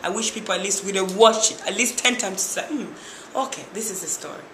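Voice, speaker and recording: A former reality show contestant from Tanzania, a young woman, speaks fairly quickly in a medium-pitched voice during an interview. She retells events vividly, performing other people's words, and the room is echoey with faint noise.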